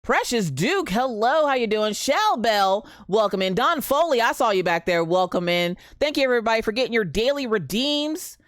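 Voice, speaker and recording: A woman's voice: on the high side, moderate pace, hardly any pauses, no room sound, studio quality. A woman in her thirties chatting casually on a live stream, greeting viewers by name and telling a story. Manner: animated, greets chat by name, Southern "y'all".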